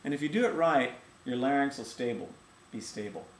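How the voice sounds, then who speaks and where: A man's voice: mid-range voice, animated, brisk. Male voice teacher in an echoey room. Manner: demonstrates sung vowels and sounds between explanations. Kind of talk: casual video voice lesson. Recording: echoey room with faint ambient noise.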